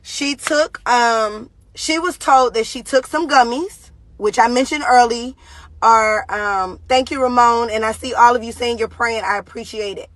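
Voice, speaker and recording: Young mother on a live phone stream, shaken, halting, lots of fillers, higher voice, dry close sound. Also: a bit bright, no echo. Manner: talks directly to viewers, halting with many fillers. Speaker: parent giving a live video update. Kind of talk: emotional live-stream talk to viewers.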